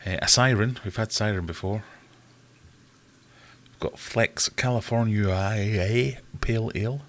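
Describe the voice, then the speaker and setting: A man with a somewhat low voice hosts a relaxed live stream. He chats loosely, greets viewers by name and makes fun of himself. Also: a little slow. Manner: self-deprecating, chatty, greets viewers by name. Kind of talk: casual live-stream chat.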